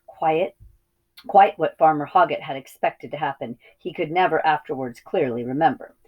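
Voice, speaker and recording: A woman with a low voice reads a children's novel aloud, teacher-style, at a steady pace. She now and then stumbles on a word and corrects herself. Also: moderate pace, breathy edge, phone-quality sound. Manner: steady reading with small slips and self-corrections. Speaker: reading teacher. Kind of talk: storybook read-aloud.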